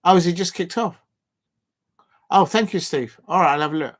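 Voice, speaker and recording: A man's voice: on the high side, moderate pace. A man hosting a football watch-along stream, chatting casually, reading viewer comments and rambling with lots of fillers.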